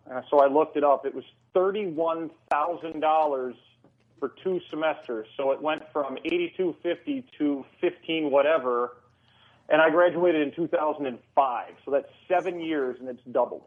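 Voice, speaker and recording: A man in his thirties from Chicago, calling in to a radio show and explaining with numbers. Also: fairly high pitch. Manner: explains with figures. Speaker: caller. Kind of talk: casual call-in chat. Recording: phone-line sound.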